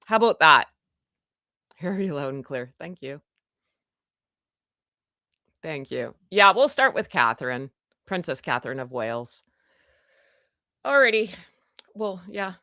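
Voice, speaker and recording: Bright, loud Canadian woman hosting a livestream. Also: low-pitched, very animated, measured pace, pauses often, dry recording, clean studio sound. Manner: chatty, greets viewers by name, self-deprecating. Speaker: livestream host. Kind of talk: casual livestream chat. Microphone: desk microphone.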